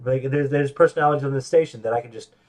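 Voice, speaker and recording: A man's voice: mid-range voice, quick pace. A man hosting his own podcast, talking in a rambling, self-deprecating way, restarting his sentences and acting out voices in quotes. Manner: animated, acts out quoted voices. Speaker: podcast host. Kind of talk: casual solo monologue.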